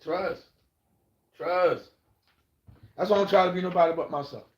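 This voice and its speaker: A man on a livestream podcast, lecturing listeners on being yourself in a blunt, swearing, preachy way. He loops back over his points again and again. His voice sits a little high for a man, and the room around him is echoey. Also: moderate pace, lo-fi sound. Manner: blunt, profane, preachy, repeats himself. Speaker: podcast host. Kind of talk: livestream monologue giving life advice.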